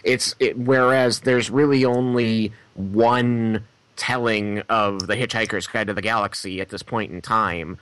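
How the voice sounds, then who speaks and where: A man's voice: fairly low pitch, fairly even intonation, unhurried, a bit bright, smooth, no echo, rough recording. A man co-hosting a podcast, chatting casually and making long arguments about comics and movies. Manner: chatty, argues points at length. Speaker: podcast co-host. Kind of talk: casual group chat.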